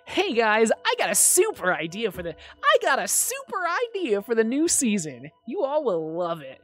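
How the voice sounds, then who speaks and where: A woman reading a game's lines as an excited male boss of a kids' show, loud and upbeat. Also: fairly high pitch, normal speed, faint music behind, voice pushed up, exaggerated voice.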